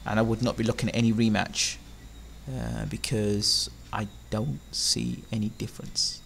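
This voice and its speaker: A man giving opinionated boxing commentary to camera, animated and full of rhetorical questions, with frequent ums. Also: mid-range voice, normal speed, gravelly.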